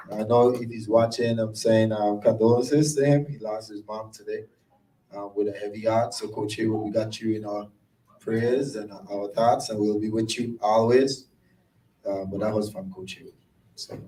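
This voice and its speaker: A man's voice: lowish voice, slight background noise. A middle-aged man with a Virgin Islands accent, the emcee of a tribute event, speaking casually and from the heart in dialect grammar. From Saint Croix, U.S. Virgin Islands. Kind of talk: unscripted tribute speech. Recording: echoey room from far off.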